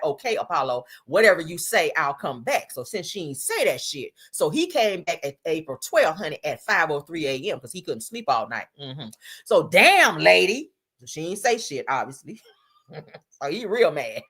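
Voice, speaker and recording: A woman's voice: fairly low pitch, bright, forceful tone, slightly rough. A woman giving blunt, profane, sassy commentary on reality TV for a stream, laughing often. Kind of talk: casual commentary on a livestream.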